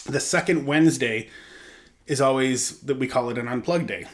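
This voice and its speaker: A man's voice: medium pitch, normal speed. Chatty man rambling over beers. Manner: rambling, chatty storyteller with lots of "like" and "I'm like". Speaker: podcast co-host. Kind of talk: casual chat over beers.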